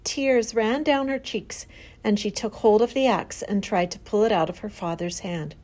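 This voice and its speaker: A woman narrating a children's storybook aloud in an expressive reading style. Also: medium pitch, moderate pace.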